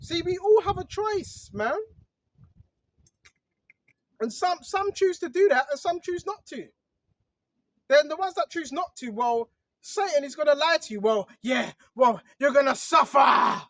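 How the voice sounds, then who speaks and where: High-voiced casual preaching man. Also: animated, a little slow, long pauses, dry recording. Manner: conversational, repeats "bro" and "right?". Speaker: online preacher. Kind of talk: casual religious monologue.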